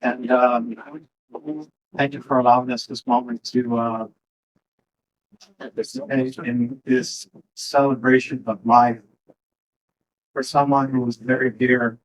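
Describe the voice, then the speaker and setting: A man giving a measured, formal speech at a memorial gathering. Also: mid-range voice, little pitch movement, low-quality recording. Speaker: memorial speaker.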